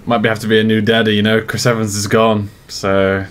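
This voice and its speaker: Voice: mid-range voice, flat delivery, brisk, faint music behind. An adult making wry asides and chuckling while reacting to a movie. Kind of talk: casual reaction commentary.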